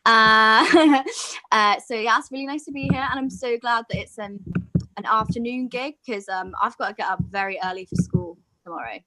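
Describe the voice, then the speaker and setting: A woman's voice: on the high side, normal speed, bright, forceful tone. A young woman from the UK doing chatty, self-deprecating stand-up over a video call. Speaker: stand-up comedian. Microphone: video call, close to screen.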